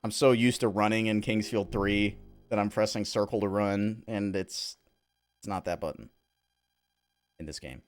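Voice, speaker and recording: A man's voice: lowish voice, normal speed, long pauses, soft background music. A man from Southern California giving casual gameplay commentary as a streamer, with laid-back, rambling asides.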